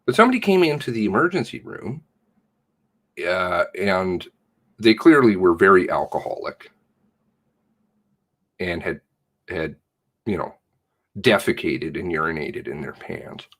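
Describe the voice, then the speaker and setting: A man's voice: deep voice, lively intonation, unhurried, pauses often, a bit bright, breathy edge. A man giving rambling, profane commentary while reading through material, muttering to himself and then flaring up. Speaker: independent online investigator.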